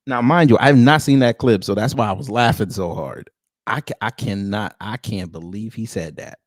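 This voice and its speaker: A man's voice: on the low side, moderate pace, no echo, clean studio sound. A man hosting a live reaction stream, talking casually and mockingly, often breaking into laughter.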